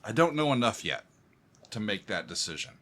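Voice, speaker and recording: A man who is a composer, giving music reaction commentary, excitable and humming along as he talks to viewers like friends. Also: fairly low pitch, normal speed.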